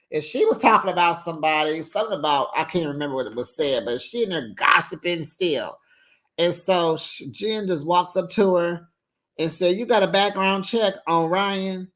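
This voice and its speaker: A host doing casual recap commentary, telling the story with animated energy and sassy asides like "honey" and "child.". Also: medium pitch, normal speed. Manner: animated storytelling, acts out quotes.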